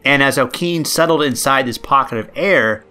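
A man's voice: mid-range voice, moderate pace, bright, forceful tone, clear, resonant tone, soft background music. A man hosting a podcast, telling a true story casually and rambling with many ums and uhs. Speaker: podcast host.

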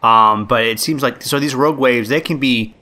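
Bright-voiced man telling a story. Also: mid-range voice, moderate pace. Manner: rambling, many ums and uhs. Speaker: podcast host. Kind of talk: casual true-crime storytelling.

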